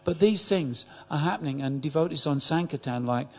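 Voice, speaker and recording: Older man recounting an anecdote to a class; halting, animated, slightly high-pitched. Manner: halting, repeats words, animated. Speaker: class attendee. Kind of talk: storytelling in a group class.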